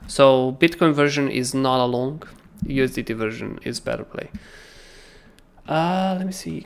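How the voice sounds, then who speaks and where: Male livestream host with a gravelly voice; loose, animated trading commentary. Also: mid-range voice, a little slow. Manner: animated, keeps asking "right?", swears casually. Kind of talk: casual chart analysis on a livestream.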